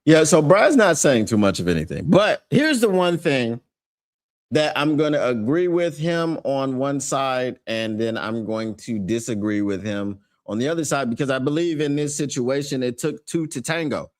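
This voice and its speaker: Animated man hosting a fan sports show. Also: mid-range voice, moderate pace. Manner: animated, emphatic, laughs often. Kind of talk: casual sports commentary.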